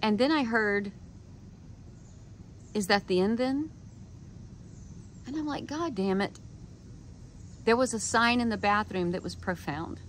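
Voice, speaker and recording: A woman's voice: mid-range voice, unhurried, pauses often, slight background noise. Frank woman telling a personal story. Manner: candid and frank, with swearing and quoted inner thoughts. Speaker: vlogger. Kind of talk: casual storytelling monologue.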